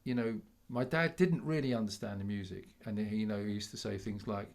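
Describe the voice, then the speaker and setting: A man's voice: lowish voice, steady tone, a little fast, vocal fry. A man in his sixties, a musician guest, telling stories in a chatty way with frequent restarts and laughs. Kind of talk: casual storytelling chat.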